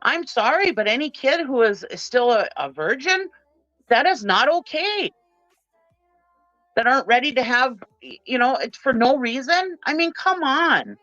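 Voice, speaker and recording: A woman's voice: sits high, very animated, measured pace, a bit bright, dry recording, lo-fi sound, faint music behind. A middle-aged woman from Minnesota, ranting with passion as a guest on a livestream panel. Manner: impassioned, ranting.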